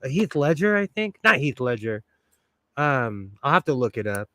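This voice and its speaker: A man's voice: medium pitch, very animated, normal speed, sharp tone. A man, hosting a casual livestream while he sews, rambling and sentimental with lots of fillers. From United States. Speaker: host.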